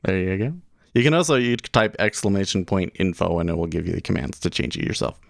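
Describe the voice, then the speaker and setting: A man's voice: low-pitched, animated, quick pace, gravelly, dry recording. A man hosting a day trading livestream, chatting casually and thinking aloud with frequent chuckles. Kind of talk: casual live trading commentary.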